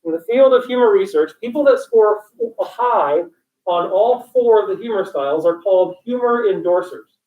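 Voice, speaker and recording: Heard through a distant, dull mic in an echoey classroom, a male college instructor with a high, animated voice lectures at a moderate pace. He jokes, goes off on tangents and quizzes his students.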